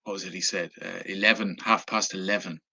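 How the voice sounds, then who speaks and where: A man's voice: low voice, steady tone, a little fast, bright, forceful tone, husky. A man with an Irish accent, casually recounting a travel story, with lots of fillers and restarts. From Ireland. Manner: rambling, many fillers and restarts. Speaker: travel vlogger. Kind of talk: casual anecdote telling.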